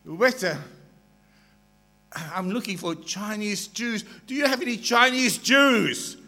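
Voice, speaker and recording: A man's voice: sits high, slow, bright, forceful tone, voice pushed up, exaggerated voice. A man voicing a fussy male rabbi with a Jewish accent who calls out insistently for a waiter. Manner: raised, insistent calling.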